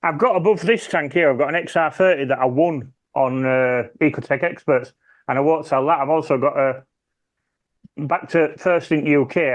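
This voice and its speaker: A British man chatting casually on a podcast, rambling and trailing off as he talks. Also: medium pitch. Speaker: podcast panelist. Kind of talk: casual chat.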